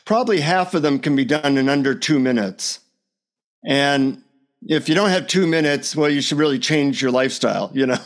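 A man, a podcast guest on a remote call, tells animated anecdotes in a casual way. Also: a little high, moderate pace. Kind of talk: casual storytelling interview.

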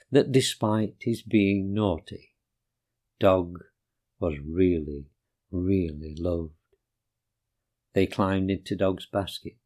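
A man reading rhyming children's poems aloud in a gentle, sing-song way. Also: deep voice. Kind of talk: rhyming storybook narration.

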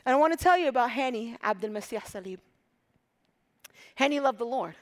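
A woman from Egypt preaching a sermon with passion, dropping to hushed whispers and rising to loud emphatic peaks. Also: a little high, animated, brisk.

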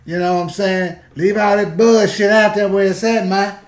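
Joking man with a high voice, echoey room. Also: moderate pace. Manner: joking, animated, laughs often. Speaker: co-host. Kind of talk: casual gossip chat. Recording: echoey room with faint noise.

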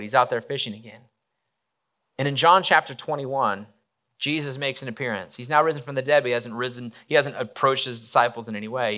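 A man's voice: medium pitch, pushed and bright. A man preaching a casual, conversational sermon, retelling a story with acted-out quotes and frequent restarts. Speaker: pastor.

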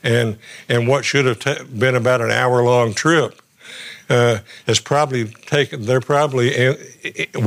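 A man's voice: mid-range voice, a bit bright. A middle-aged male guest pastor preaching a sermon in a conversational way, often stumbling and repeating his words as he goes.

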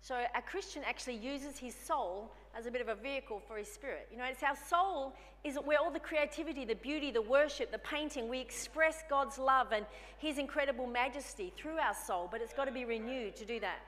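Woman preacher, higher voice, bright and forceful, conversational sermon, reverberant church hall. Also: brisk, few pauses, slight background noise. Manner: conversational, acts out dialogue with herself.

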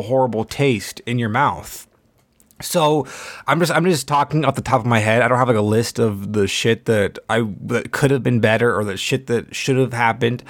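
Exasperated man ranting on his podcast. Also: mid-range voice. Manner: exasperated, profane, rambling. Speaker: podcast host. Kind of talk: casual solo podcast rant.

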